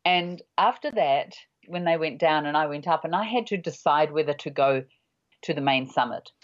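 A woman in her sixties, a mountain guide, giving measured, halting interview answers with many pauses. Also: sits low. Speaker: high-altitude mountain guide. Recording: dull lo-fi audio.

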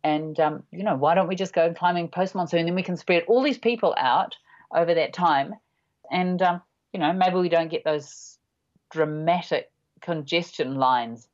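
A woman in her sixties, a mountain guide, giving measured, halting interview answers with many pauses. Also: on the low side, a little mellow. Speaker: high-altitude mountain guide. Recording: dull lo-fi audio.

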